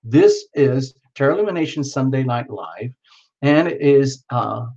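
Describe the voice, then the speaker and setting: A man's voice: mid-range voice, expressive, a little slow, a little mellow, muffled recording. A man hosting a live tarot stream, chatting casually to viewers in a rambling, playful, teasing way. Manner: rambling, playful and teasing, with many fillers and restarts.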